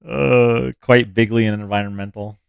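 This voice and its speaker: A man's voice: on the low side, steady tone, normal speed, gravelly, smooth, no room sound. A man hosting a live stream, reading news stories aloud and mocking the quotes with sarcastic asides. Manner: sarcastic, reads quotes then mocks them. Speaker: livestream host reading news.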